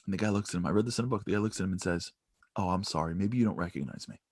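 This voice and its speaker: A man's voice: sits low, racing, a little mellow, no room sound, studio quality. A man giving a motivational talk, telling a story to an audience. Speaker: motivational speaker.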